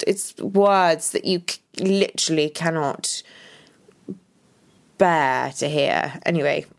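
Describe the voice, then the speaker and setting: Woman, podcast co-host, low voice, animated storytelling, restarts often. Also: slow pace. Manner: animated, dramatic retelling with restarts. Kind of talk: casual storytelling chat.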